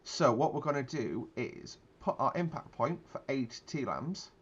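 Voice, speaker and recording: A man's voice: mid-range voice, expressive, measured pace, slightly rough, lo-fi sound. A man giving casual gameplay commentary, explaining tactics in a rambling way with many fillers and restarts.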